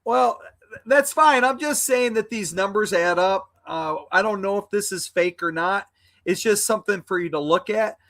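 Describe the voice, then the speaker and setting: High bright-voiced man hurling angry insults. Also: moderate pace. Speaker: guest on a live stream. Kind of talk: heated live-stream argument.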